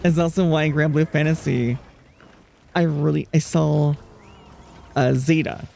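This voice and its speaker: Soothing, gravelly-voiced male streamer. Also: a little high, steady tone, unhurried, dark tone, slight background noise. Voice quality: soothing, relaxing voice. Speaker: live streamer. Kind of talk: casual chat, answering viewers while gaming.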